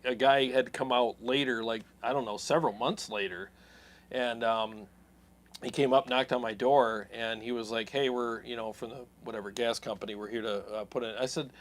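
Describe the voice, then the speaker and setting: A man's voice: mid-range voice, normal speed. A man hosting a live stream, chatting casually and telling stories with laughter and acted-out voices. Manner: laughing, animated storyteller acting out voices; stumbles and restarts often. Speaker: host of a guitar tone channel live stream. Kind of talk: casual chat, storytelling.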